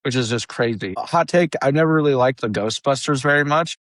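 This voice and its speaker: A man's voice: brisk, dry recording. A man co-hosting a podcast, chatting animatedly about movies. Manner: animated, does silly high voices when quoting. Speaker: podcast co-host. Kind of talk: casual chat.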